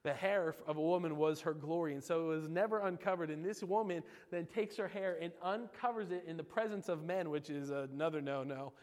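A man delivers a casual, joking sermon, throwing questions at his listeners. His voice sits a little high for a man. A long reverb trails his words around the hall. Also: a little fast, hardly any pauses. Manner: animated, jokey, asks the audience questions. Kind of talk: informal sermon.

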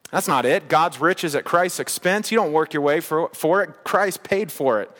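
Male pastor delivering a sermon; emphatic and rhythmic, slightly high pitch, church hall echo. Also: moderate pace, hardly any pauses, fairly bright tone. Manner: emphatic, repetitive preaching cadence.

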